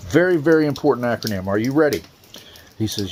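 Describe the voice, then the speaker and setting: A man telling a long prank story in a rough, profane, teasing way, with drawn-out, mock-serious emphasis. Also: medium pitch, expressive, darkish tone, a little hiss or hum. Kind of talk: storytelling monologue.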